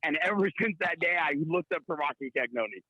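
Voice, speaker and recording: A man in his thirties from Southern California, calling in as a guest and telling boastful comic stories with brash, rapid-fire bravado. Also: a little high, animated, bright, forceful tone, no room sound, muffled recording. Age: 30s. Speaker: call-in guest.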